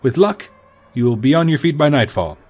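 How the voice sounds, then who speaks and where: A peevish, sharp-tongued shopkeeper, read aloud by a man who snaps out his insults. His voice sits a little high, with an animated, lively pitch. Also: brisk. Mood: scornful. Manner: curt, scornful.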